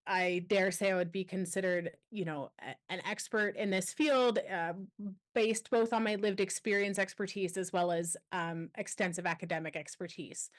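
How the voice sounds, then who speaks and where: A woman guest on a podcast interview, telling a personal story with candid, animated energy and quoting others as she goes. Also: mid-range voice, normal speed. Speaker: guest, anti-trafficking expert.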